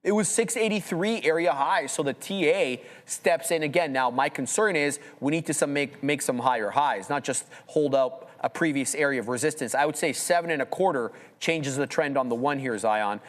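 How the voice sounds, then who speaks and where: A man's voice: fairly high pitch, moderate pace, few pauses, big-room sound. A man co-hosting a live trading show, giving casual market commentary and chatting with his co-hosts. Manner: chatty, relaxed, tells stories. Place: studio.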